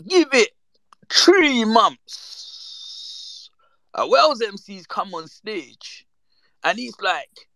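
Animated man telling stories. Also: sits high, slow pace, creaky, long pauses, no echo. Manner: animated, slangy, acts out quoted voices. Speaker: storyteller. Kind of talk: casual chat, reminiscing.

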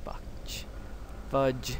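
A man hosting let's play commentary, excitable, cursing freely and yelping when startled. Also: extremely slow, noisy background. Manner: excitable, swears a lot, yelps when startled. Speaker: gaming channel host.

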